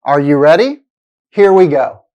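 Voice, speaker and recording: Woman, pronunciation teacher, low voice that swoops up and down, deliberate scripted delivery. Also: animated, warm tone, lo-fi sound. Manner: clear, deliberate, exaggerated intonation in examples. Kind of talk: scripted lesson narration.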